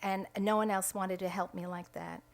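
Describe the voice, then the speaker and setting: Middle-aged woman, center director, emphatic press statement at a podium mic, medium pitch. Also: steady tone, moderate pace, creaky. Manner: emphatic, re-enacts quoted dialogue. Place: indoor room at a state capitol.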